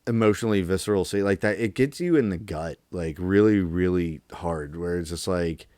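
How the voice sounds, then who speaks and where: A man co-hosting a podcast, casually retelling film scenes in a rambling, animated way. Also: low voice, moderate pace, no echo, studio quality. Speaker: podcast co-host. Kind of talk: casual movie discussion.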